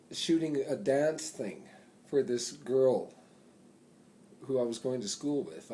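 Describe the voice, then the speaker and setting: A man, telling a rambling story to a phone camera in a casual, drawn-out way. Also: mid-range voice, slight background noise. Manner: rambling, slow, drawn-out delivery; loud and excited when reenacting chants. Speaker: vlogger.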